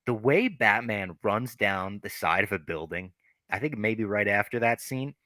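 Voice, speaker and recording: A man's voice: fairly low pitch, lively intonation, unhurried, sharp tone, no echo. A man hosting a podcast, reviewing a movie in casual chat, enthusiastic and profane. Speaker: podcast host.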